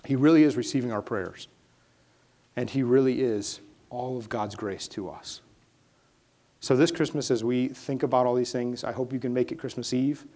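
A man's voice: medium pitch, steady tone, moderate pace. Man preaching with rising fervor. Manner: swings from hushed prayerful lines to rising, emphatic preaching. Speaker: pastor. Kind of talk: sermon.

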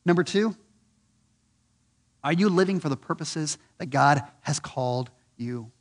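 A man preaching a sermon, earnest and repeating questions for emphasis, swinging from loud and lifted on key points to low and soft. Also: animated, a little slow. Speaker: pastor.

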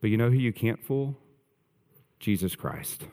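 A man's voice: fairly low pitch, big pitch swings, measured pace, mellow, in a large hall. A male pastor preaching a sermon earnestly, stressing points through repetition.

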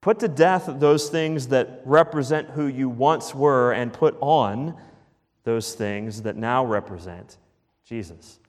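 A man preaching a sermon as pastor, emphatic, repeating key phrases and dropping to a hush at the ends of lines. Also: mid-range voice, slow, big-room sound.

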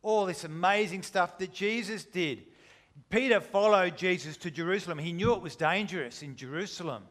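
A man's voice: high-pitched, moderate pace. A man preaching a sermon, retelling a story with dramatic, shifting intensity. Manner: dramatic, shifting between loud and hushed.

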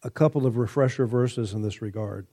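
A man preaching a sermon, measured and emphatic, lifting his voice when he quotes scripture. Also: mid-range voice, dark tone, husky.

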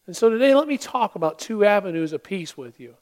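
A male pastor delivering a Christmas-season sermon in earnest tones, with dramatic pauses, telling a story with acted-out voices. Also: high-pitched, animated. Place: church sanctuary.

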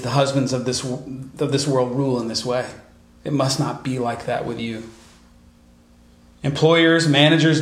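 A male pastor with a fairly high voice delivers a conversational sermon, often easing into quiet, earnest tones. The sound is roomy, with a clear echo around him. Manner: conversational preaching, drops to soft earnest tones.

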